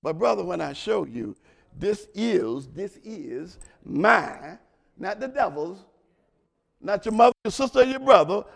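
A man preaching a sermon in a colloquial way, talking straight to the congregation and swinging between loud shouts and quiet murmurs. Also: high voice, expressive, unhurried, vocal fry.

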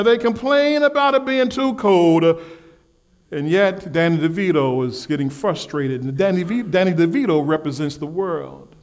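A man delivers a sermon in a notably high voice, drawing the congregation in with call-and-response questions. He slips into put-on whiny voices as he tells his stories. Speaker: preacher. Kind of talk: sermon with storytelling.

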